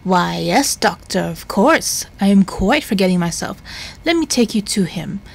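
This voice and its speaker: A woman voicing a fussy, kindly elderly housekeeper in a slow Southern belle drawl, reading game dialogue aloud. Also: medium pitch, expressive, vocal fry. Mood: fussing.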